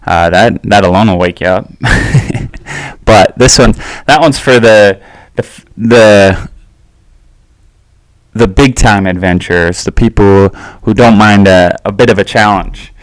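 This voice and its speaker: A man hosting his own solo podcast, talking casually in a relaxed, rambling way with lots of fillers and little chuckles. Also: fairly low pitch, measured pace, pauses often, no room sound. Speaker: podcast host.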